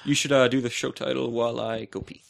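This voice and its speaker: A man's voice: medium pitch, little pitch movement, quick pace, vocal fry. A young man co-hosting a casual podcast chat, playful and teasing. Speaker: podcast co-host.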